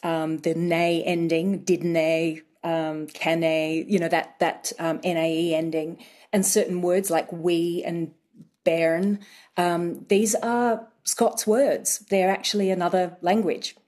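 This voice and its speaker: A woman accent coach talks through a radio interview in a lower voice, explaining in a thoughtful, unhurried way. She fills her pauses with ums as she works out each point. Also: flat delivery, darkish tone.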